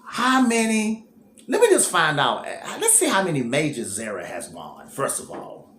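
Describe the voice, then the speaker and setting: A man hosts casual tennis commentary, thinking out loud and circling back on his own words. His pitch rises and falls a lot. The room is echoey and carries a faint background hiss. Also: measured pace. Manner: animated, repeats words, thinks aloud.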